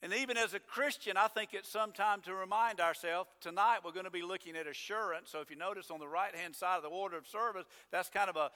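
Emphatic high-voiced male pastor preaching. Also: fast, hardly any pauses. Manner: emphatic preaching, rising to loud declarations then dropping low. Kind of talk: sermon. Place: church sanctuary. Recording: long church hall reverb.

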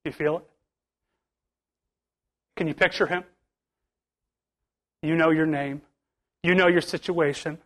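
A man's voice: fairly high pitch, fairly even intonation, a little slow, long pauses. A male pastor preaching a sermon to his church, building to emphatic bursts with much repetition.

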